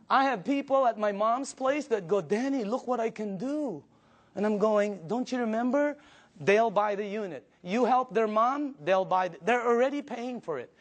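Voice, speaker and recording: A middle-aged man giving an energetic, emphatic sales pitch to a live audience and quizzing the crowd. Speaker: business presenter.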